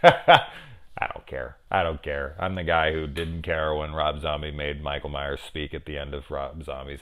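A man's voice: very deep voice, a bit bright. A middle-aged man casually reviewing a horror film, rambling into profane, chatty asides.

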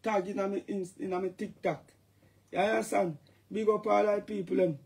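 A Jamaican man chatting loosely on a live stream, his voice sitting high for a man. He rambles and jumps between topics, now and then bursting into loud catchphrases. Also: fairly even intonation, fairly quick, creaky. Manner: rambling, playful, shouts catchphrases. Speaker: dancehall artist talking to fans. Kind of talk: casual live-stream chat.

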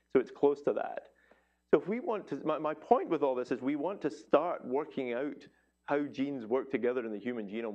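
A man lecturing as a cardiologist before a live audience, in a casual way that mixes jokes with questions to the room. His voice sits in a middle pitch. The recording sounds slightly dull. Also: a little mellow. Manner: conversational, joking, quizzes the audience. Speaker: cardiologist giving a public talk. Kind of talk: public science lecture.

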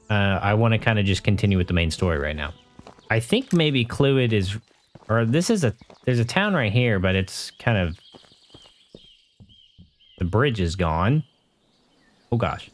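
Man, let's play host, casual gameplay chatter, self-mocking, mutters reactions, mid-pitched voice. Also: very animated, unhurried, long pauses, faint music behind.

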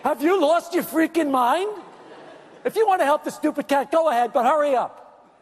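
A man's voice: very high voice, moderate pace, a faint crowd, voice pushed up. A man doing a bratty, bragging grown man. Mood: scornful. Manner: shouting, whiny, scornful. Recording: reverberant theater hall with audience.

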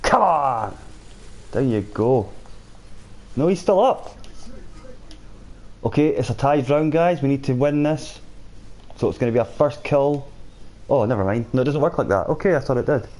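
With a medium-pitched, somewhat dark voice and lively intonation, a man talks at a normal pace, leaving long pauses. He's streaming a shooter game, casually reading and replying to chat from viewers during play.

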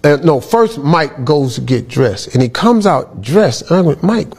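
This is a man telling a comic story. His voice sounds husky and sits fairly high, and his pitch swings widely from line to line. He often raises his voice and laughs at his own jokes. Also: unhurried. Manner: animated, loud bursts, laughing at his own punchlines. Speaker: comedian.

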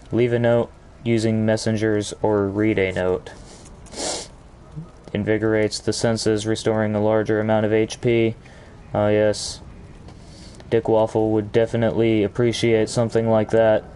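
A man's voice: fairly low pitch, dark tone, slight background noise. A man giving crude, joking commentary while playing a video game, breaking into mock-outraged rants. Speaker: gaming channel host. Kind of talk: gameplay commentary.

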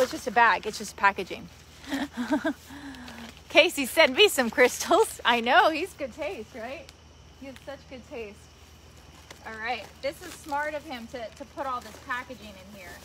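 A young woman with a high, bright voice gushes over each gift she opens, talking straight to her viewers in a casual vlog. Her excited chatter runs over a faint hiss of background noise. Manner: gushing, excitable, talks to viewers and gift giver. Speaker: vlogger opening a gift haul. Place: home, later outdoors by a tree.

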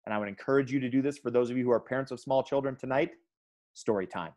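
A man giving a training talk to teachers in an energetic, emphatic way. He tells stories with punchy bursts and speaks to his listeners directly, calling them "guys.". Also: medium pitch, quick pace. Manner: addresses audience as "guys". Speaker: education speaker.

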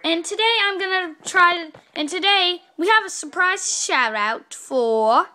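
Very high-voiced, excitable vlog host woman. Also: a little slow. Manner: excitable and playful, with bursts of cheering. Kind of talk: casual chat to camera.

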